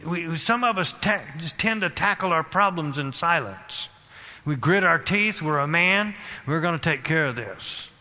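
A man preaching a sermon with fervent, repetitive exhortation that rises to loud emphasis. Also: a little high. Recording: long hall reverb.

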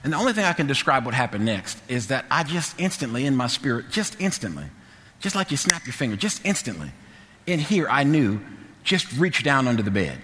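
A man's voice: mid-range voice, very animated, a little fast, bright, forceful tone, slight background noise. A man preaching a sermon, telling a personal story fervently with many restarts and repetitions. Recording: long hall reverb.

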